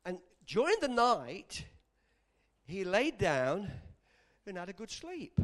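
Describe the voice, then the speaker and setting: A man preaching a sermon, animated and bursting into shouts at moments of emphasis. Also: high-pitched, takes it slowly.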